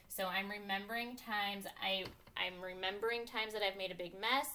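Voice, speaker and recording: Bright-voiced upbeat woman teacher. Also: mid-range voice, moderate pace, hardly any pauses, slight background noise. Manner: upbeat teacherly, talks to herself while writing. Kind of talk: modeling a reading lesson for young students.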